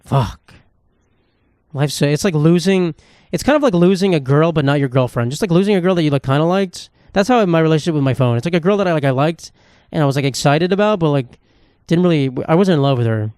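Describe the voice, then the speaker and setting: Guy rambling solo on his phone podcast, cussing a lot, kinda high voice, super dry sound. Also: fast talker, a little mellow, clear, resonant tone, no room sound. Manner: rambling, profane, self-mocking storytelling. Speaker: podcast host. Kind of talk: casual solo monologue.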